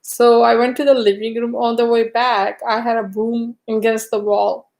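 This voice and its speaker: A woman's voice: little pitch movement, normal speed, gravelly, a little mellow. A woman chatting casually on a live stream, telling a rambling story full of fillers. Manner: high cooing baby talk to her dog.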